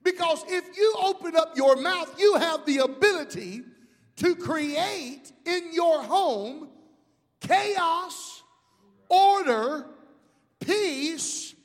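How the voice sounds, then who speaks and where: A middle-aged male pastor preaching a sermon, calling out to the congregation and rising into shouts. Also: extremely high pitch, animated, very slow, long reverb tail. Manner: preaching with call-outs to the congregation.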